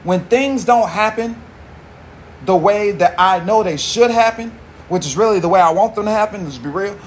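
High-voiced guy doing a solo podcast rant, cussing a lot, slangy, kinda rambly, little bit of hiss behind. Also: moderate pace. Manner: profane, rambling, slang-heavy. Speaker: podcast host. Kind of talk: casual monologue.

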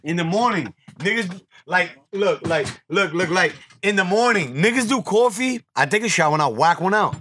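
A man's voice: sits high, expressive, moderate pace, few pauses, sharp tone, breathy edge. A young man, hosting a podcast, telling crude stories and acting out other people's lines. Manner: profane storyteller who acts out other people's lines. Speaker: podcast host. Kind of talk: crude casual chat.

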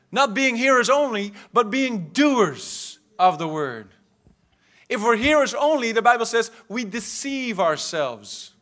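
A man preaching a charismatic sermon as pastor in a church hall, fervent, swinging between loud exhortation and quiet asides. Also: extremely high pitch, big pitch swings, slow pace. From South Africa.

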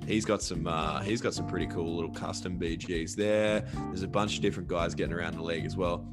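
A man's voice: low-pitched, steady tone, fairly quick, over loud music. A man co-hosting a casual sports podcast, chatty and upbeat, reading sponsor plugs. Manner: upbeat, chatty, repeats catchphrases. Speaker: podcast co-host.

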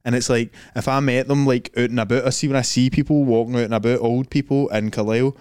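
A man's voice: mid-range voice, fairly even intonation, fast talker, a little mellow, clean tone, no echo, clean studio sound. A young man with a Scottish accent co-hosting a casual podcast, talking in a rambling, laid-back way full of local slang. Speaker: podcast co-host. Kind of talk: casual chat.

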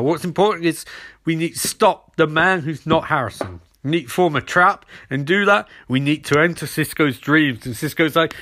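Man, podcast host, rambling, sarcastic, slightly high voice. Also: brisk, fairly bright tone. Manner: rambling, sarcastic, acts out characters mid-recap. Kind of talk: casual podcast recap.

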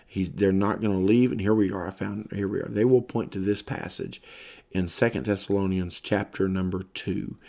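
Tired man teaching Bible prophecy, low mellow voice. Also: fairly even intonation, normal speed, gravelly. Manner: reads scripture aloud in a rising, emphatic voice, talks loosely with fillers in between. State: tired, yawning. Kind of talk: sermon-style Bible lesson.

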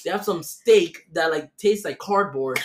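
A man's voice: fairly high pitch, a little slow, a little hiss or hum. A man hosting a podcast, ranting through a story with heavy swearing and acted-out voices. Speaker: podcast host. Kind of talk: casual storytelling rant.

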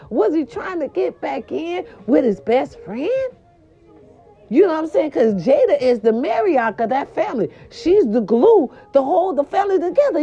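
A woman gossip vlogger with a fairly high, lively voice that leaps upward whenever she gets worked up. Her tone is warm and mellow, and her casual, profane chatter comes through a dull, lo-fi recording. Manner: animated, profane, big swoops up in pitch. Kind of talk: casual celebrity gossip monologue.

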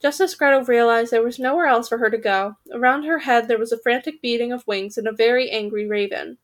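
Lively woman reading a storybook aloud. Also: on the high side, fairly quick, few pauses. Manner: lively, occasionally stumbling and correcting herself. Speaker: podcast reader.

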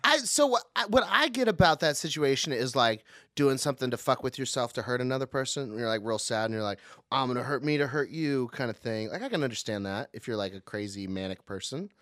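A man's voice: mid-range voice, lively intonation, a little fast, no echo. Young guy podcasting, giggly, voice jumps all over, dead dry room. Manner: laughs a lot, loose dark banter. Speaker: podcast co-host. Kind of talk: casual chat. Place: small home studio.

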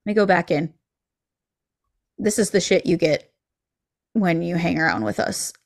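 A woman's voice: lowish voice, normal speed, gravelly. A woman co-hosting a podcast in casual chat, chatty and easily sidetracked, swearing now and then. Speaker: podcast co-host.

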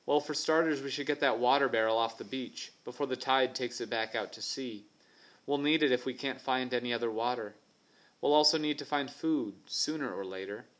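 A man voicing a bold, resourceful young girl who talks in a brisk, practical, commanding way. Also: mid-range voice, a bit bright, lightly acted. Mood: firm.

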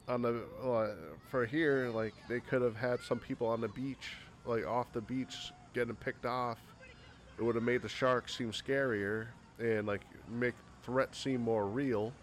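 A man's voice: medium pitch, slight background noise. A man giving a casual spoken movie critique, sarcastic and rambling, with frequent swearing. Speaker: movie reviewer.

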